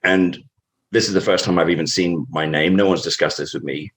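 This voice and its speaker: Deep-voiced British man telling stories. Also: steady tone, brisk. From Britain. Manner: rambling with many fillers and restarts. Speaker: guest. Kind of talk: casual interview storytelling.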